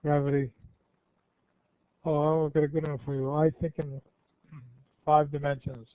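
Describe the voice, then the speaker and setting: Over a tinny, phone-like line, an older man talks loosely with students as a guest speaker, answering questions in a folksy, self-correcting way. His pitch is fairly high and level, his pace a little slow, his tone warm, with no echo.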